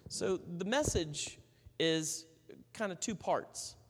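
A man's voice: high voice, lively intonation, slow pace, a bit bright, breathy edge, in a large hall. A man preaching a sermon in a conversational way, telling stories and acting out the people in them. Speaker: pastor.

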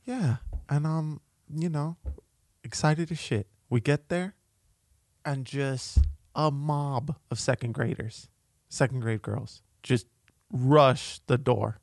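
A man's voice: mid-range voice, takes it slowly, gravelly, no echo. A man co-hosting a comedy podcast, telling a story in a loose and profane way into a close mic. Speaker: podcast co-host.

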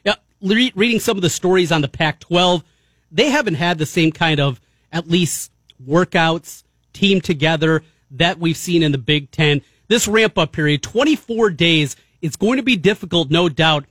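Nasal, high-voiced radio sports host. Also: male voice, normal speed, fairly bright tone, dry recording, clean studio sound. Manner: upbeat, joking banter with guests. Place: radio studio.

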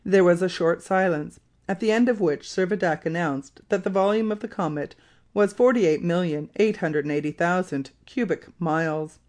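Audiobook narrator, steady classic-novel reading, mid pitch. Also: normal speed.

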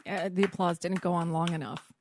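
A woman's voice: lowish voice, steady tone, a little fast, background noise. A woman hosting a political talk radio show, chatting casually, restarting her phrases and reading posts aloud. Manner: chatty, self-interrupting, reads posts aloud.

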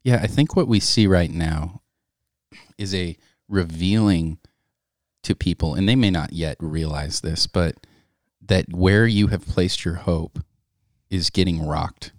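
Deep-voiced reflective man co-host. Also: dry recording, clean studio sound. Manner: reflective, measured, quotes scripture. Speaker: podcast co-host. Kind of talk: casual faith discussion.

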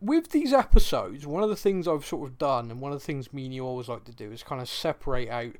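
This man's voice is medium-pitched and quick as he co-hosts a podcast. Hailing from Bristol, England, and speaking with a Bristolian accent, he's telling a story in casual chat, animated and laughing often.

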